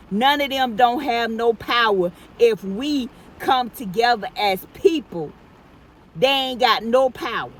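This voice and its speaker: A woman's voice: on the high side, slight background noise, rough recording. A middle-aged woman vlogging from inside her car, talking emphatically and repeating herself for effect. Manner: emphatic, repetitive, preachy. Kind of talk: casual car rant to camera. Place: inside a parked car in heavy rain.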